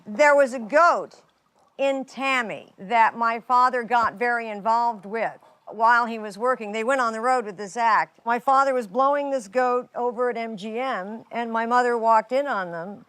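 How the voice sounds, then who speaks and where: A woman comedian tells a joke as if it were a fond family story, keeping a deadpan tone. Her voice sits a little high and sounds close and dry. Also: normal speed, no room sound. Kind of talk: telling a joke to camera.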